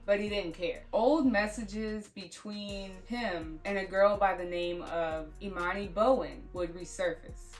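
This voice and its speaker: A woman's voice: mid-range voice, far from the mic. A woman narrating a true crime story in a casual, chatty way, dropping offhand asides as she goes.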